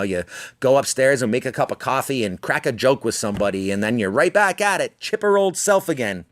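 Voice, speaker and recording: A man at a middle pitch hosts a podcast alone, spinning a long story in a loose, meandering way. He swears nearly every sentence and mocks himself as he goes, now and then slipping into voices for the people in the story. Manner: swears constantly, rambling, self-mocking; slips into voicing people in his anecdotes. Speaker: podcast host. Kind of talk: profane storytelling monologue.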